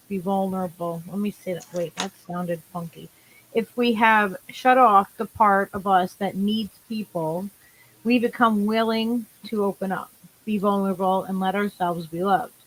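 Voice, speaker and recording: A woman co-hosting a casual talk show, reading affirmations slowly and gently and giggling now and then. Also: medium pitch, low-quality recording. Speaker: podcast co-host.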